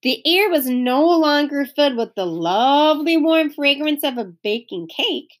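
A woman reading a children's chapter book aloud as a teacher, pausing to explain words to young listeners. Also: high-pitched, lively intonation. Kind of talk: read-aloud storytelling with explanations.

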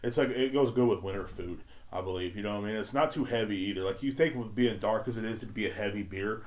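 A man's voice: on the low side, fast talker. A man hosting a podcast in casual chat, rambling and laid-back, swearing often and leaning on fillers. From Texas. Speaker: podcast host.

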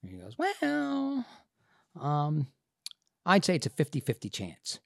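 A man, an actor and podcast guest, telling a personal story in a casual, animated and profane way, acting out the people in it. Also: fairly low pitch, fast, breathy edge, no echo, studio quality.

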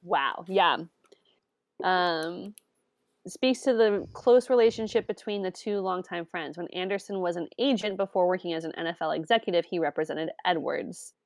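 A woman co-hosting a casual sports podcast, swearing freely, laughing often and reacting with loud disbelief. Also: on the low side, normal speed, no room sound. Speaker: podcast co-host.

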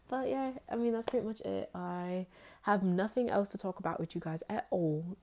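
A woman's voice: medium pitch, lively intonation, a little fast, darkish tone. A woman vlogger and teacher chatting to viewers in a put-on British accent, rambling with lots of fillers. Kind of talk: casual chat to viewers.

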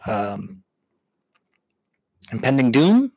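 A man's voice: on the low side, big pitch swings, slow pace, long pauses, a little mellow, breathy edge, dry recording. A man from Long Island hosting a podcast and riffing through a profane, sarcastic comedic rant. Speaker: podcast host.

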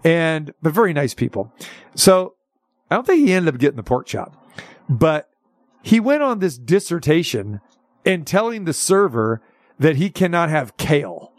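A male talk show host telling a long story in a chatty, animated way, with lots of restarts. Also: fairly high pitch, normal speed, dry recording, studio quality. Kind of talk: casual storytelling chat.

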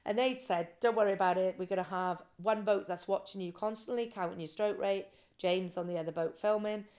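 A woman guest on a podcast, telling her swim story with animated quoted voices. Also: mid-range voice, brisk. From Britain. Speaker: guest, ice swimmer. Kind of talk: casual interview storytelling.

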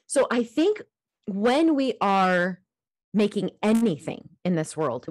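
A woman co-hosting a casual podcast, telling stories in an animated, emphatic way. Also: medium pitch, slow pace, no echo, studio quality. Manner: animated storyteller, emphatic, emotional. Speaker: podcast co-host.

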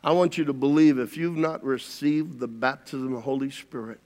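A man preaching a sermon as pastor, swinging between shouted climaxes and hushed, quiet passages. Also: mid-range voice, steady tone, moderate pace, in a large hall.

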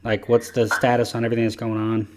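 A man's voice: medium pitch, monotone, quick pace. Easygoing man hosting a chat podcast. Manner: rambling, easygoing, lots of fillers. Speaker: podcast host. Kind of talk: casual chat.

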